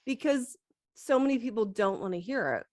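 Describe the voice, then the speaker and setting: A woman's voice: on the high side, lively intonation, normal speed, no room sound, clean studio sound. A woman co-hosting a casual talk, speaking in a thoughtful, candid way. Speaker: co-host. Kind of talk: casual chat.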